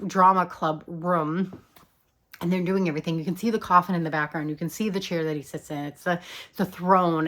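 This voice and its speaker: Woman, lowish voice, casual video commentary, rambling, chatty, swears. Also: fairly bright tone. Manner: chatty, many ums and likes, swears casually.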